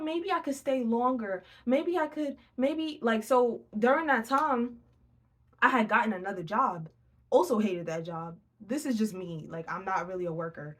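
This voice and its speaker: A young woman giving a casual tarot reading, blunt and profane, telling animated stories from her own life. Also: mid-range voice. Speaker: tarot reader.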